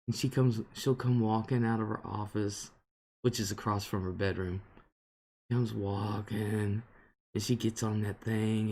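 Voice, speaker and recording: A man's voice: fairly low pitch, vocal fry, a little mellow. A man hosting a casual live stream, answering viewer comments and rambling on with indignation. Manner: rambling and indignant, with frequent fillers. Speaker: host reading viewer comments.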